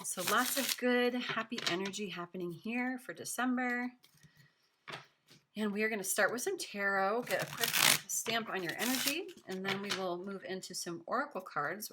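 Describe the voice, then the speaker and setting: A woman giving a casual tarot reading to camera, chatty and gushing with many fillers, her voice raspy from smoke. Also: on the low side, bright, forceful tone. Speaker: tarot reader.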